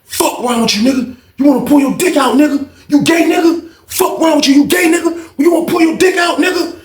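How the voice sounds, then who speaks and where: A man voicing a furious young male gang member who shouts and curses. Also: very high voice, fairly quick, voice pushed up. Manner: shouting, profane, hard-hitting. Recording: roomy echo.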